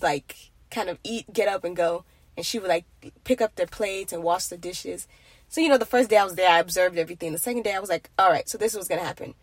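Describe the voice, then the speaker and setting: A woman's voice: medium pitch, no room sound. A young woman from Nigeria talking in an earnest, rambling way about faith and marriage. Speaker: faith vlogger. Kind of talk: casual faith monologue.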